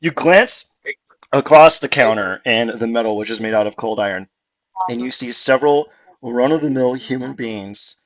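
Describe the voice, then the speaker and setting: A man narrating as game master, improvising grotesque scenes with animated, laughing delivery. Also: mid-range voice, moderate pace.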